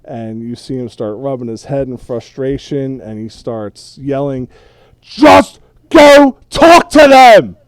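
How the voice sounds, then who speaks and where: A man narrating a tabletop role-playing game as game master, describing scenes in an unhurried way with pauses. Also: medium pitch, mellow, clear, resonant tone, no echo. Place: home setup, streamed.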